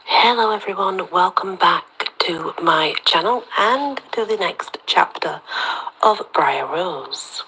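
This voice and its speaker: A woman reading a story aloud as host of her own channel, steady and even, with soft half-whispered dips. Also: fairly low pitch, slow pace, a little hiss or hum, rough recording.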